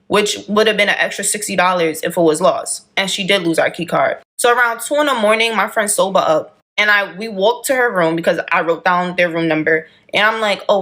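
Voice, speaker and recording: A young woman tells a story on her vlog in a lively, fired-up way, full of slang. Her voice sounds bright and sharp, and her pitch sits in a middle range for a woman. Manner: animated, heated retelling with slang. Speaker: vlogger.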